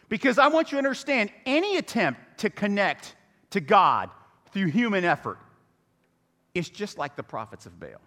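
A man's voice: high-pitched, normal speed, in a large hall. A man preaching a humorous sermon as pastor, telling the story with jokes and asides. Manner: animated, joking storyteller. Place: church sanctuary.

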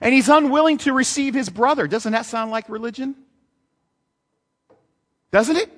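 A male pastor preaching a sermon, animated, reading scripture and throwing out rhetorical questions, recorded in a large hall or church. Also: very high voice, normal speed. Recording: long hall reverb.

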